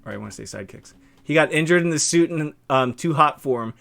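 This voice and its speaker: A man's voice: on the high side, lively intonation, fast, vocal fry, a bit bright. A young man with a lisp hosting a stream interview, talking in a loose, rambling way full of fillers. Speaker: stream host interviewing a guest. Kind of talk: casual chat.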